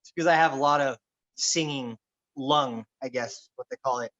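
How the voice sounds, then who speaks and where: A man hosting a casual political chat, talking in a boisterous, loud and animated way. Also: mid-range voice, normal speed. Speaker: podcast host. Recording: dull lo-fi recording.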